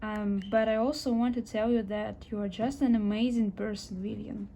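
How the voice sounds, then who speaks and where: A woman voicing a calm, gentle young journalist who speaks softly, slowly and a little hesitantly in a home-made toy sketch. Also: mid-range voice, slight background noise, natural voice. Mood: polite. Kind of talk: amateur toy sketch voice acting.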